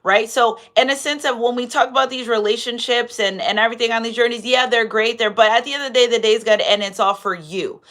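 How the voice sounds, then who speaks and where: A woman's voice: a little high, steady tone, fast talker, few pauses, a bit bright. A woman giving a live tarot reading. She preaches, quotes scripture and repeats her phrases. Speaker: tarot reader.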